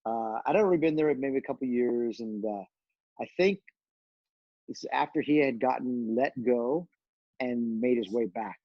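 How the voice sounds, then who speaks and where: A middle-aged man, a guest on a podcast, telling backstage stories in a casual, animated way and acting out what others said. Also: mid-range voice, normal speed, no room sound, lo-fi sound. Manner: animated storyteller, acts out quoted voices, many fillers. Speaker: guest, retired pro wrestler. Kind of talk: casual storytelling interview.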